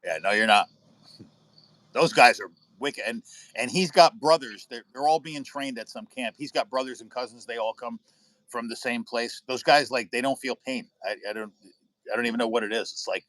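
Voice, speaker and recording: Casting: American man, medium pitch, loose storyteller, dry close sound. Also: normal speed, a bit bright, no room sound. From United States. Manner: rambling storyteller, swears freely. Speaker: livestream host. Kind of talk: casual chat with viewers. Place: indoors at home by a window.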